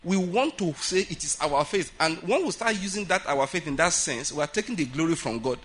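Bright, husky-voiced man preaching. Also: a little high, brisk. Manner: animated preaching, mimics voices, laughs often. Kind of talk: sermon.

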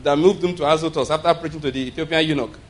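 A man preaching a sermon, pausing to check that listeners follow and slowing down to stress key points. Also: a little high, steady tone, a little hiss or hum. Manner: emphatic teaching, frequent "you understand?" and "all right?" checks; slows and gets louder for emphasis.

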